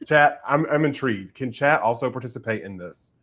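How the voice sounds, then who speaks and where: A man's voice: mid-range voice, expressive, moderate pace, fairly bright tone. A man hosting a casual writing livestream, chatty and giggling often. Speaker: livestream host and writer.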